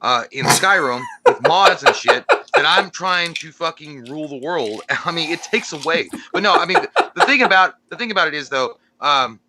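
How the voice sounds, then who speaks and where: A man's voice: fairly high pitch, lively intonation, normal speed, few pauses, heavy background noise. A man co-hosting a casual movie podcast, profane and joking, laughing often. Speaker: podcast co-host. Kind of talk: casual chat.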